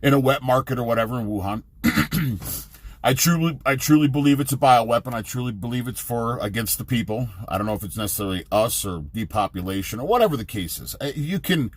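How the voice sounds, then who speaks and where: A man's voice: medium pitch, animated, fast, dry recording. A middle-aged man, a truck driver, rambling casually and profanely in his own vlog, jumping from topic to topic.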